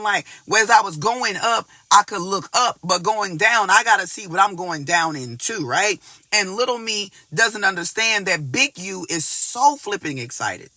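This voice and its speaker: A man with a high, very bright voice gives a casual tarot reading to his viewers. He talks in an animated rush, swears often and circles back over his own words. The sound is close and dry. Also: moderate pace, no echo. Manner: animated, cursing, repeats words and phrases. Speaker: tarot reader.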